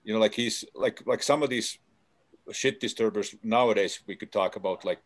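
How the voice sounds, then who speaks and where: A man telling stories in a casual chat, halting with many fillers and restarts. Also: on the low side.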